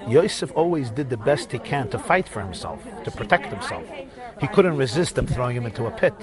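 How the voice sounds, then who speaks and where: A man, a rabbi, giving a storytelling sermon, animated and swooping up to shouted cries as he acts out scenes. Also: mid-range voice, brisk, crowd noise.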